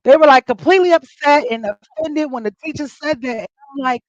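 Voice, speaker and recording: A woman's voice: sits high, fairly quick, few pauses, a little mellow, no echo, lo-fi sound. A woman hosting a casual chat with her audience, telling stories animatedly and acting out quoted lines with big jumps in her voice. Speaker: host.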